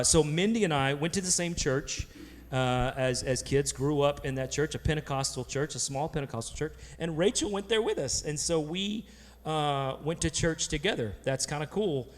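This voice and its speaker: A man moderating a church panel, telling stories casually and joking, with many restarts. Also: mid-range voice. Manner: rambling, full of restarts and jokes. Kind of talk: casual storytelling on stage. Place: church sanctuary. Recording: long church hall reverb.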